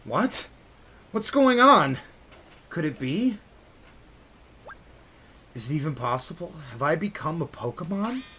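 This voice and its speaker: A man's voice: fairly high pitch, big pitch swings, unhurried, pauses often, fairly bright tone, breathy edge, full character voice. A man voicing a bewildered young male hero, reading game dialogue aloud with startled exclaiming.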